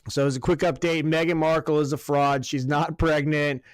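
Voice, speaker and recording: Excitable profane man ranting on a podcast. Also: fairly high pitch, moderate pace, clean tone, no room sound, studio quality. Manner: profane, rambling, excitable rants. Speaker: podcast co-host. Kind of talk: casual podcast banter.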